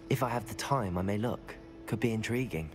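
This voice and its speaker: An actor plays a polite, reserved young wizard student who answers his teachers with calm courtesy. His delivery is expressive over an ordinary male pitch, with game music playing clearly behind him. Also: fairly quick, natural voice.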